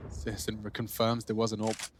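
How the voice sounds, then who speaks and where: Excitable male esports play-by-play caster. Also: normal speed, background noise. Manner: excitable, rising in pitch on big plays. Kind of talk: play-by-play commentary.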